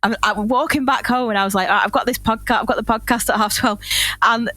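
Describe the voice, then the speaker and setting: A woman's voice: fairly high pitch, fairly even intonation, fast talker, sharp tone, soft background music. A young woman, co-hosting a casual podcast chat and telling a story in a rambling, laughing way full of restarts. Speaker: podcast co-host.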